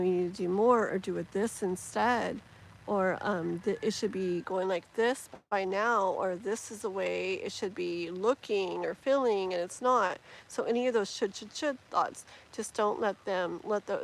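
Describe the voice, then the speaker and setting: A woman's voice: mid-range voice, gravelly, a little hiss or hum, rough recording. A woman giving tarot readings on a live stream, chatty and rambling with many fillers and restarts. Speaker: tarot reader.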